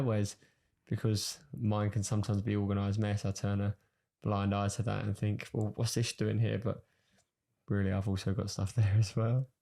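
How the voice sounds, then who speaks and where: A young man answers questions in a relaxed podcast chat, halting and laid-back, a little defensive. His voice is mellow and dark, with a gravelly texture. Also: lowish voice. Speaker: podcast guest, host's boyfriend. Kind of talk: casual couple chat.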